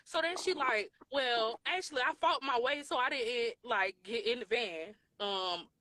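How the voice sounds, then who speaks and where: A bright, slightly high woman's voice with a drawl, in her twenties. She tells a long story in an animated, casual way and slips into the voices of the people in it. Her tone is clear and lively, with a touch of edge. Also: a little slow, no echo. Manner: animated, acts out quoted voices, Southern US slang. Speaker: podcast co-host telling a story. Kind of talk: casual storytelling on a live show.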